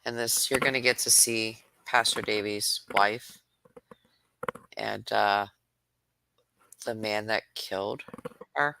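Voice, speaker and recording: A man's voice: on the low side, fairly even intonation, slow, gravelly, long pauses, background noise. A man hosting a commentary show talks casually and rambles a little while near tears. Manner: tearful, rambling, self-deprecating. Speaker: host reacting to videos.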